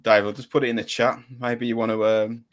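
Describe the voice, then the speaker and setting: A man's voice: mid-range voice, level tone, fairly quick. A young man chatting casually as host of a live football fan stream, reading viewer comments aloud.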